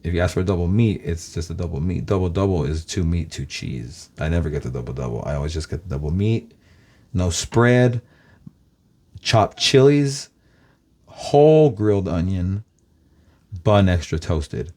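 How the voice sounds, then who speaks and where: A man's voice: low voice, lively intonation, normal speed, a little mellow. A man from Los Angeles, a YouTuber, rambling casually to his viewers, swearing constantly and calling them guys.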